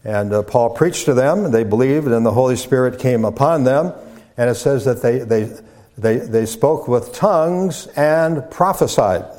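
A man in the pulpit giving a teaching sermon. He speaks at a measured pace, circling back and repeating words as he lays out each point, with the occasional filler between phrases. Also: medium pitch, darkish tone. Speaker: pastor. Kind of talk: sermon lecture.

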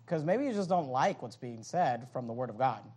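A man preaching a sermon in numbered points, animated and joking, acting out the voices of others in asides. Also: medium pitch, normal speed. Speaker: pastor.

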